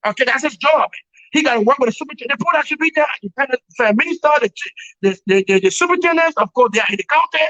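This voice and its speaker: The speaker is a Liberian man with a very high-pitched, bright, forceful voice who races through opinionated political commentary on a talk show. Joining by remote call, he repeats words and laughs wryly, though the audio is dull and lo-fi.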